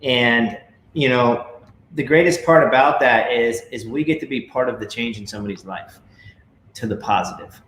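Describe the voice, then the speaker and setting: A man's voice: medium pitch, normal speed, a bit bright, roomy sound, slight background noise, low-quality recording. A man casually talking to viewers at home, rambling with many fillers and a preachy tone. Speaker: network marketing leader. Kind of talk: casual video talk to viewers.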